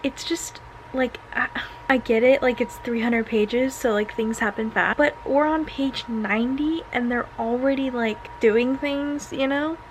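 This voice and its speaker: A woman's voice: a little high, steady tone, a little slow, slight background noise, poor audio. A young woman chatting through a casual read-along book review, filler-heavy and full of sarcastic asides.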